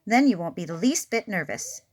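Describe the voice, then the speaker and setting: A woman doing a grumpy, loud old-fashioned bear. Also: mid-range voice, expressive, fairly quick, lightly acted. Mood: pompous. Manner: loud, exasperated and pompous. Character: grumpy, sleepless male bear.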